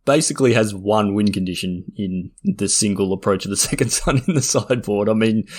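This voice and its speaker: A man co-hosting a casual podcast about a trading card game, easygoing and quick to laugh. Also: fairly low pitch. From Australia or New Zealand. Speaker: podcast co-host.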